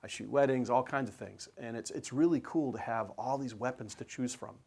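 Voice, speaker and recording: A man's voice: medium pitch, fairly quick, creaky, a little mellow, breathy edge. A man, a sports and wedding photographer, giving an enthusiastic, conversational presentation to an audience, with frequent fillers.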